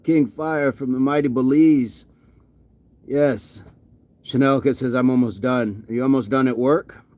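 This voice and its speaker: A man's voice: mid-range voice, steady tone, unhurried, dark tone, dry recording. A man livestreaming a workout, winded and sweaty, reading viewer comments aloud and often repeating himself in casual chat. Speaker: fitness livestreamer.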